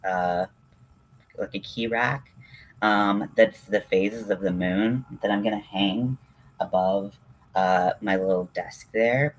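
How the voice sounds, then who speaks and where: On a casual crafting livestream, a man with a lowish voice reads the chat and gushes excitably, with lots of ums and restarts.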